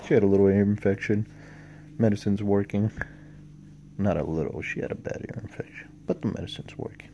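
A man's voice: fairly quick, creaky, dull audio, slight background noise. A man vlogging casually, thinking aloud and chatting about his day and his dogs. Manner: talks softly to his pets in a higher baby voice. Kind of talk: casual vlog.

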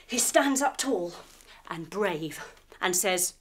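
A woman's voice: fairly low pitch, takes it slowly. Playful woman telling a kids' yoga story. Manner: playful, expressive, with sound effects. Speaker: kids yoga teacher. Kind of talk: storytelling yoga lesson for children.

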